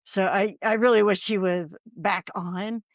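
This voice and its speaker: A woman's voice: medium pitch, fairly even intonation, measured pace, dry recording. A woman who investigates the paranormal, a podcast guest telling a story in a rambling, casual way with many ums and likes.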